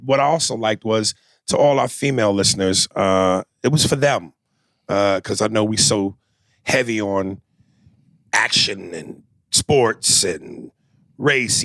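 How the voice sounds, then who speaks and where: A man co-hosting a podcast in casual, relaxed chat, reading listener emails. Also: on the low side, no echo. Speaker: podcast co-host.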